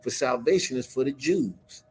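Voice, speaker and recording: Man doing a stern holy man, blunt, husky, a bit raised pitch. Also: moderate pace, a little mellow. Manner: blunt, street-talking. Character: stern male teacher of scripture checking a woman.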